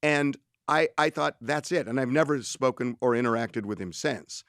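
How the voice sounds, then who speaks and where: A man in his sixties co-hosting a talk show, telling a story in an animated way and quoting others. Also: medium pitch, normal speed, clear, resonant tone, no room sound, clean studio sound. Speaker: co-host.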